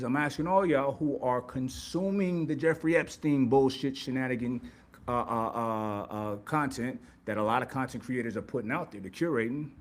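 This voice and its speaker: Husky man preaching with rhetorical questions. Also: fairly high pitch. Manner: emphatic, preachy, repeats words and fires rhetorical questions. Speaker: host. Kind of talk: motivational live-stream monologue.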